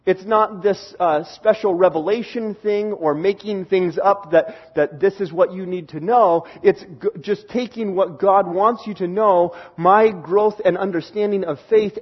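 A man's voice: high voice, moderate pace, few pauses, lo-fi sound. A man preaching a sermon, explaining a scripture passage and reading verses aloud while stressing key words.

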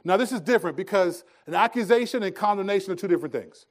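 A middle-aged male pastor preaching a sermon, telling stories and swinging between hushed, slow lines and emphatic ones. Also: sits high, animated.

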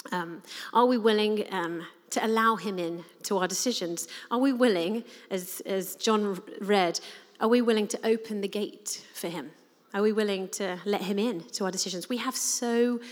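A woman giving a sermon in an earnest, conversational way with frequent "um" fillers. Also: mid-range voice. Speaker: preacher. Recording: reverberant hall.

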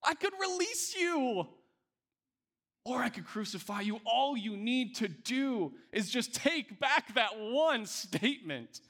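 A man's voice: very high-pitched, very animated, slow pace, a bit bright, voice pushed up, heavily acted. A man voicing an exasperated Roman governor who pleads and bargains in a raised, strained voice while retelling a sermon story. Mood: bargaining. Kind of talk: sermon retelling with acted quotes.

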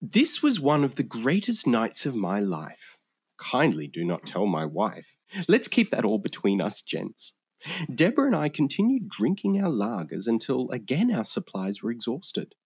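Brief: husky-voiced male host, lively pitch, plays it pompous and formal for laughs. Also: normal speed, no room sound. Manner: pompous, mock-genteel delivery. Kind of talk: comic reading in a posh, formal voice.

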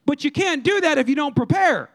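A man preaching a sermon as pastor, in a lively, conversational style that acts out quotes from people. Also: very high voice, brisk.

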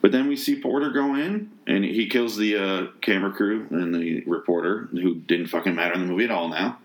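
A man's voice: low voice, fairly quick. A man reviewing a movie in a casual rant, sarcastic and exasperated, swearing often and restarting his sentences.

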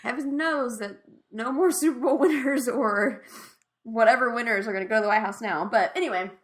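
A woman's voice: on the high side, fairly quick. A woman co-hosting a podcast, chatting casually and enthusiastically as she retells favorite scenes, often laughing. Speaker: podcast co-host. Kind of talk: casual chat recapping a TV episode.

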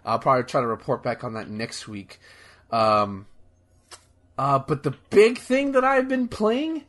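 A man's voice: medium pitch, lively intonation, unhurried, a bit bright. A young man chatting casually as a podcast host, rambling and enthusiastic, with lots of fillers, restarts and swearing. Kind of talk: casual chat.

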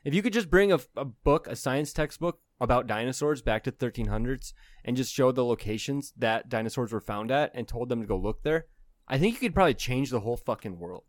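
A man's voice: mid-range voice, lively intonation, brisk, dry recording, studio quality. A man co-hosting a casual comedy podcast, rambling and swearing as he works through an idea. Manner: rambling, profane, laughs often. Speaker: podcast co-host.

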